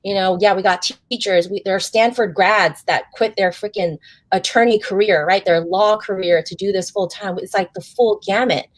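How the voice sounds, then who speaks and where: A woman's voice: medium pitch, steady tone, moderate pace, no room sound. A woman hosting a chat, gushing and effusive as she keeps turning to her audience. Her voice sits in a middle register and sounds dry and close, with almost no room around it. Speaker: host. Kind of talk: enthusiastic interview chat.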